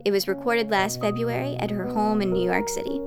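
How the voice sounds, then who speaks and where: A woman's voice: mid-range voice, fairly even intonation, a little fast, loud music behind the voice. A woman podcast host reading a friendly, earnest scripted announcement to listeners.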